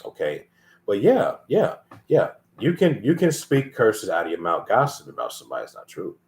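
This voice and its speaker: Guy preaching casual, lowish voice, scolds y'all, repeats stuff and cusses. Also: huge pitch swings, moderate pace, darkish tone. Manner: emphatic, repetitive, scolding, swears freely. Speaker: lay preacher.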